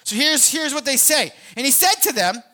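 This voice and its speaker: A woman pastor with a high, bright, ringing voice delivers a sermon. She talks to the congregation in a chatty way, trips over and repeats her words, then climbs into loud, fervent bursts. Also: expressive, moderate pace. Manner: conversational preaching that builds to shouting; frequent restarts and repeated words.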